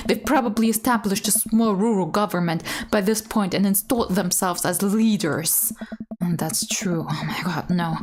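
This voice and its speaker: A young woman streaming a game, reading its text aloud in a casual way, dropping into whispered asides and high squealing laughs.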